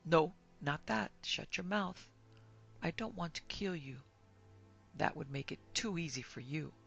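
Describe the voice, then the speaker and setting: Woman doing a disfigured blind guy, quiet and creepy, gravelly low voice, horror story reading. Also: animated, a little slow, dull audio, soft background music, full character voice. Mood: menacing. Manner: quiet, menacing, coaxing. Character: bitter disfigured blind man taking revenge.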